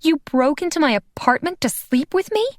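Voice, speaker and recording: A woman voicing a panicked, indignant young female vampire in an audiobook, with sharp outraged outbursts. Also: high voice, animated, moderate pace, no room sound, clean studio sound, voice pushed up. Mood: alarmed.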